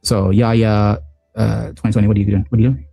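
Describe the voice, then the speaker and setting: Mellow-voiced man running a tabletop game. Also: lowish voice, little pitch movement, vocal fry, husky, no echo, soft background music. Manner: halting, with many ums and restarts. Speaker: game master.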